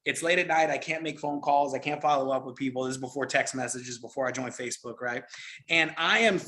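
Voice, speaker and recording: A middle-aged man giving a motivational network marketing training, energetic and repetitive, often checking in with "right?". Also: mid-range voice, fairly quick.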